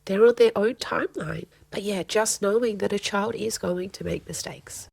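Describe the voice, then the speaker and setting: A middle-aged woman counselor who is a guest on a podcast, speaking earnestly and gently and repeating phrases for emphasis. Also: medium pitch, normal speed, creaky, husky, dry recording. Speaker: family and child counselor guest. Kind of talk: podcast interview conversation.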